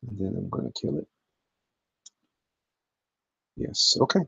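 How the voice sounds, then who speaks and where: A man's voice: low voice, sing-song, quick pace, vocal fry, bright, forceful tone, slightly rough, no echo. A man who draws commissions, talking casually to viewers while he works, humming and joking to himself. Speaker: artist drawing commissions. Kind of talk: casual drawing stream talk. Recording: dull lo-fi mic.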